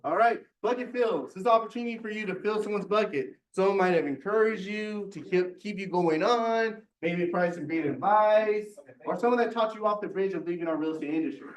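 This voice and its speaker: Enthusiastic high-voiced man hosting a meeting. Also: a little fast, hardly any pauses, distant mic. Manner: enthusiastic, chatty, repeats words. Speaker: meeting host. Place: large meeting room. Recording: echoey room, heard from afar.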